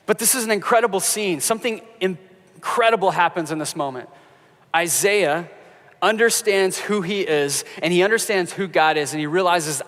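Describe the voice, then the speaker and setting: Guy pastor giving a sermon, chatty and funny, kinda higher voice, big echoey church hall. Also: fairly quick, a bit bright. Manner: conversational, storytelling with humor. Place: church sanctuary.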